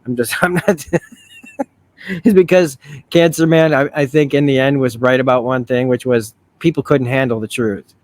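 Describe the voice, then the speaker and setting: A man's voice: mid-range voice, steady tone, moderate pace, darkish tone. A man hosting a casual review, thinking aloud with many restarts and frequent swearing. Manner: rambling, profane, with self-correcting restarts. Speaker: video essay host.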